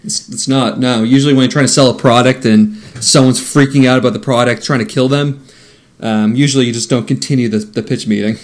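A man's voice: medium pitch, fairly even intonation, brisk. A man casually recapping a film's plot for friends, joking and laughing mid-sentence. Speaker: podcast co-host recapping a film.

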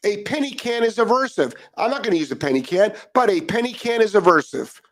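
A middle-aged man hosting a live dog training show, ranting with profanity and repetition, then chatting more calmly with viewers. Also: high voice, brisk. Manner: calmer chatty greeting of commenters. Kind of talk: ranting live stream monologue.

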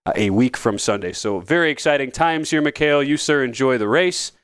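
A man's voice: medium pitch, expressive, brisk, fairly bright tone, clear, resonant tone, no echo. A man hosting a sports betting podcast, talking casually with wry asides and frequent restarts. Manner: rambling, self-correcting, wry asides. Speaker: podcast host.

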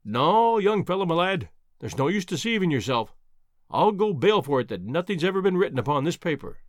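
A breezy aristocratic adventurer with a hearty, easygoing manner, as a male reader puts him on. The voice sits fairly high and moves with lively inflection. It is recorded close and dry. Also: fairly quick, dry recording. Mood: firm. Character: breezy upper-class English adventurer lord.

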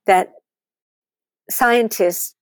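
A woman author and interview guest, talking in an animated, blunt way and swearing freely as she tells stories. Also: mid-range voice, drawn-out words, dry recording, clean studio sound. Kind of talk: storytelling interview talk.

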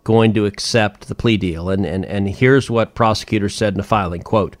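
A man's voice: lowish voice, normal speed, hardly any pauses, no room sound. A man, a senator hosting a political podcast, talking emphatically and with indignation, repeating phrases for force.

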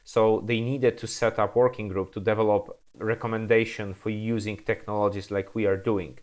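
A man speaking as a panelist, halting and repeating words as he searches for the right one. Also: on the low side, flat delivery, darkish tone. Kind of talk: panel discussion.

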